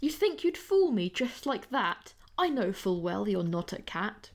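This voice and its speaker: A woman's voice: medium pitch, big pitch swings, measured pace. A woman voicing a wise, mocking male fox with a scornful, teasing manner.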